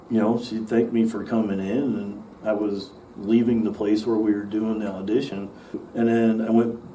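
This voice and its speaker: Man, actor, casual interview, rambling storyteller, dark relaxed tone, far from the mic. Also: medium pitch. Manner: rambling, many fillers and restarts, laughs while telling stories. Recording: distant mic with faint noise.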